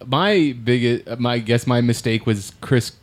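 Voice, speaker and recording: A man hosting a casual sports podcast, laughing often and pausing with fillers. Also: mid-range voice. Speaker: podcast host.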